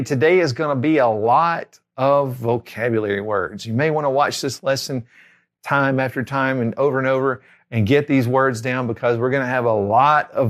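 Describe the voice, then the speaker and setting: A middle-aged man giving a spoken vocabulary lesson as a tutor, repeating each word twice for learners. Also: mid-range voice. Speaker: language tutor.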